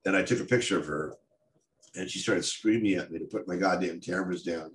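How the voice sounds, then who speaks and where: A middle-aged American man gives a storytelling talk about his photography career, candid and self-deprecating and peppered with fillers. He has a low voice and a brisk delivery. The room echoes, and faint noise is audible.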